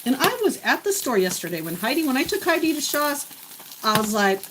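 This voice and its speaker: Gen x lady chatting to her viewers while she cooks at home, kinda high voice, pan sizzling faintly. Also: sing-song, a little fast, fairly bright tone, a little hiss or hum, poor audio. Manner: chatty, talks to herself and viewers. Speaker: vlogger. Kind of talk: casual chat while cooking. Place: home kitchen. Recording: faint kitchen sizzle behind.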